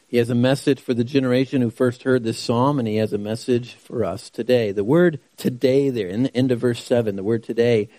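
A man's voice: medium pitch, steady tone, fairly quick, hardly any pauses, warm tone, no room sound. A man preaching a sermon who asks rhetorical questions and repeats key phrases for emphasis. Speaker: pastor.

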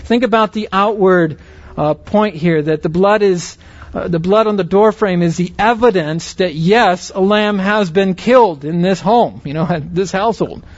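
A man teaching a Bible lesson in an earnest, explanatory way, often checking that listeners follow with quick rhetorical questions. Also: high-pitched, no room sound. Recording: dry, slightly dull lo-fi recording.

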